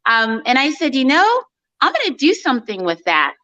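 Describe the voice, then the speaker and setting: Woman, bright voice, fairly high, chatty with fillers, dull lo-fi recording. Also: huge pitch swings, moderate pace. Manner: chatty, many fillers and restarts, laughs often. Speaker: guest. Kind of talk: casual chat.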